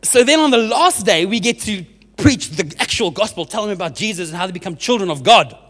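A young man, a youth minister telling a humorous testimony in a church service, animated and often laughing at himself. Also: high voice, fairly quick, soft background music. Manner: animated storyteller, laughs often, self-mocking. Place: church hall with a live audience. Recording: reverberant hall sound.

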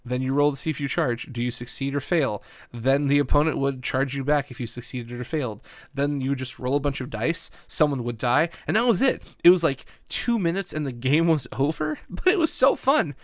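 A man's voice: mid-range voice, brisk, hardly any pauses, dry recording, studio quality. A man hosting a podcast, recapping a tournament in a casual, enthusiastic, rambling way with lots of "like" and laughter. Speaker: podcast host.

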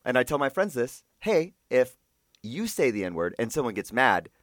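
A man co-hosting a podcast in casual chat, joking through lively banter. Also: mid-range voice, moderate pace, no room sound, studio quality. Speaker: podcast co-host.

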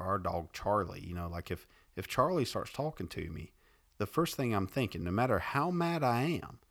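A man's voice: lowish voice, a bit bright. A man co-hosting a podcast, retelling a Bible story casually, rambling and laughing often. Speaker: podcast co-host.

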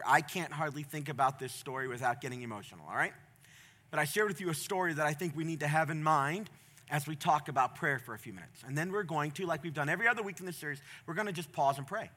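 A middle-aged male pastor preaching a sermon from a church stage, passionate, moving from quiet storytelling to loud, emphatic appeals. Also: a little high.

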